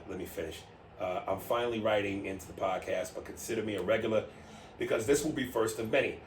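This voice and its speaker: Man, podcast co-host, animated, loud riffing, roomy sound, faint hiss. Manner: animated, loud riffing with sudden pitch jumps. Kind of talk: casual chat, reading listener emails. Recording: roomy, distant mic with faint noise.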